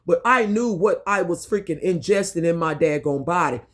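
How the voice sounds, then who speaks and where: Her voice fairly low and lively at an ordinary speed, a female vlogger recounts something from her own life in a storytime monologue to camera. Candid and emphatic, she swears without restraint and repeats lines for emphasis.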